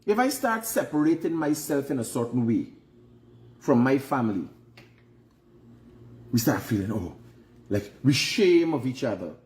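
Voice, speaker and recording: A man's voice: medium pitch, big pitch swings, unhurried, long pauses, darkish tone. A Guyanese man hosting a vlog, talking frankly and preachily, giving life advice and repeating phrases for emphasis. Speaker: host. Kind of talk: casual advice monologue.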